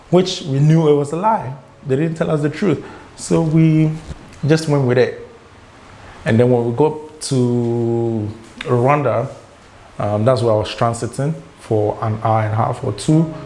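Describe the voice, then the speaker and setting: Young Ghanaian vlogger, mid-pitched, animated storyteller, guitar music playing underneath. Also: male voice. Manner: animated storytelling, acts out quoted dialogue. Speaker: travel vlogger. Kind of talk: casual storytelling vlog.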